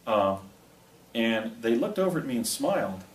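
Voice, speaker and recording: A man's voice: mid-range voice, very animated, moderate pace. A middle-aged man from New Jersey giving an anecdotal presentation, rambling with restarts and asides. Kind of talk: anecdotal public talk. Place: presentation room with a projector. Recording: echoey room, distant mic, faint noise.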